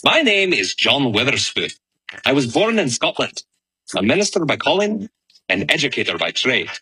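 A man's voice: medium pitch, pushed and bright, husky, dry recording, exaggerated voice, rough recording. A man playing a Scottish-born minister and educator in an earnest first-person historical monologue. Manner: earnest, oratorical.

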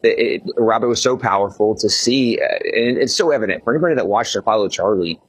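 A man interviewing a pastor, answering him in a slow, earnest way. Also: on the low side, breathy edge, no echo. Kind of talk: interview chat.

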